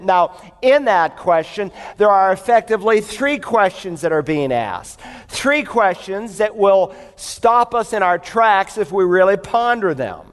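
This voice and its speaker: Male pastor, higher register, emphatic storytelling sermon delivery, reverberant hall sound. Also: animated, moderate pace, smooth. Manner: storytelling preacher, emphatic and conversational.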